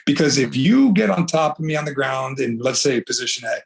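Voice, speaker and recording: Gravelly forty-something man telling stories. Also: medium pitch, brisk. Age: 40s. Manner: animated storyteller, acts out quoted dialogue. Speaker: martial arts instructor, guest. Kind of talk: casual podcast conversation.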